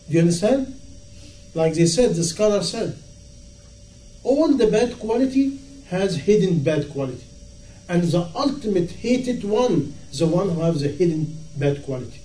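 Male preacher, high voice, mellow tone, impassioned rhetorical questions, distant mic in echoey room. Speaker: Islamic preacher. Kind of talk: sermon. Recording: echoey room, from far off, faint noise.

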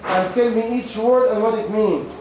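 Male teacher, high pitch, repeats questions in broken English, voice going; distant mic in a noisy, echoing room. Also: moderate pace. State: losing his voice. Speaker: religious teacher. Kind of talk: question-and-answer class talk. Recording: very echoey room, far from the mic, ambient noise.

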